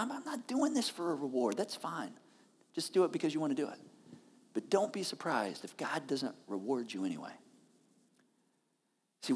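A woman's voice: low voice, a little mellow, breathy edge, in a large hall. A woman pastor preaching a sermon on a church stage, talking in a conversational way with frequent check-ins to the listeners.

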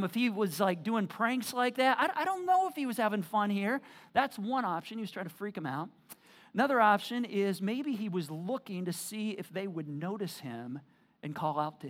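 A male pastor giving a sermon in church, talking in a casual, animated way with many restarts. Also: high-pitched. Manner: conversational, animated, frequent restarts and fillers.

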